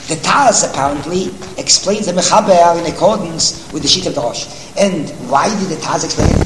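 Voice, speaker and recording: A man teaching a Talmudic text lesson, reading Hebrew passages aloud rapidly and then explaining them in English, often repeating words as he thinks. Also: high voice, echoey room, in a large hall, a little hiss or hum, rough recording. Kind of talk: text study lecture.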